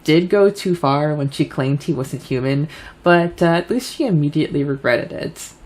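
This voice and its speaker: A woman's voice: low voice, lively intonation, normal speed, darkish tone, rough recording. A woman co-hosting a podcast, chatting casually and laughing often as she sums up a story chapter. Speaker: podcast co-host. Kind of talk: casual chat recapping a fanfiction chapter.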